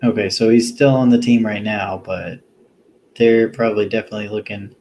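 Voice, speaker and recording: A man hosting a solo fantasy football show, talking casually and rambling with plenty of pauses, tired after a long day. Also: lowish voice, steady tone, a little mellow, a little hiss or hum, rough recording. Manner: rambling, lots of ums and restarts, easygoing. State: tired, yawning. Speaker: fantasy football podcast host.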